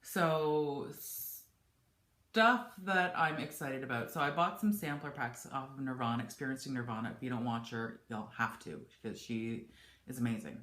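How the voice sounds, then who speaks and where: A woman's voice: extremely low pitch, normal speed, a bit bright, echoey room. A woman chatting candidly to camera from her home office, rambling with frequent restarts. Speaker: vlogger. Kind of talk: casual chat to camera.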